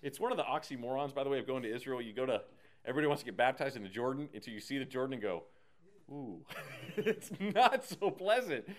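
A man leading a casual Bible study, animated and slangy, acting out the characters as he teaches. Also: mid-range voice, fast. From United States.

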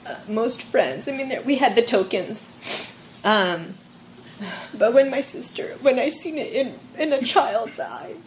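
A young woman telling an emotional personal story in a group discussion, halting and full of fillers. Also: a little high, lively intonation, slight background noise, rough recording.

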